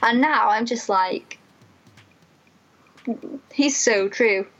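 A young woman, a student mental health nurse, telling a personal story in an animated, emotional way, full of "like" fillers. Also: a little high, drawn-out words, dull audio.

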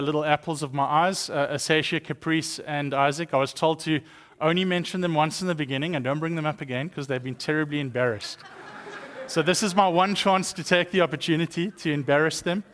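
A man's voice: fairly high pitch, steady tone, brisk, fairly bright tone. A South African man in his thirties or forties, a guest speaker giving a chatty, joking testimony sermon with many fillers. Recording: long church hall reverb.

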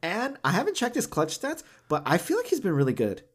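A man's voice: high-pitched, huge pitch swings, brisk. A laughing, casual male co-host. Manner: laughs often, many "like" fillers, acts out quoted voices. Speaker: podcast co-host. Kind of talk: casual chat.

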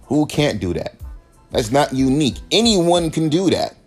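This ranting monologue comes from a male podcast host in his thirties who swears constantly and stays animated throughout. When he ridicules critics, he shifts into high, sneering impressions. Soft music plays behind his slightly rough voice at a normal speed.

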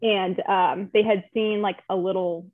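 A woman's voice: mid-range voice, fairly even intonation, measured pace, dry recording. A young woman in a casual interview, telling her story in a chatty, emotional way with lots of fillers. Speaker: guest. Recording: tinny phone-like line.

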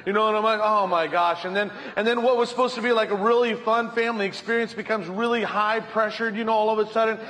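A man with a high, light voice preaches a sermon on a church stage, his light coming through. He tells stories and slips into the voices of the people in them. He speaks into a stage microphone. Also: level tone, fast, few pauses, a bit bright. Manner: storytelling, acts out voices in anecdotes. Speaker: pastor.

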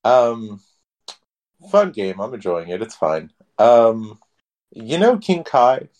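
Deep wry man with lively swings. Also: takes it slowly. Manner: swears freely, wry, lively storytelling. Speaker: podcast co-host. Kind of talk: casual chat.

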